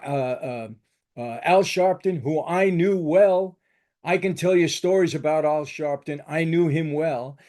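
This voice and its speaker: A man's voice: fairly high pitch, a little mellow. An older man hosting his own channel, delivering an emphatic, combative political commentary with lots of repetition. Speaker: channel host.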